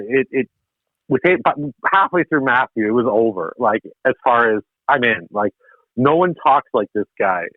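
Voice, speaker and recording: A man's voice: mid-range voice, no echo. A man from Ontario, a podcast guest telling his own story casually and animatedly, laughing at himself. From Canada (Ontario). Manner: animated, laughing, self-deprecating. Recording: tinny dry phone line.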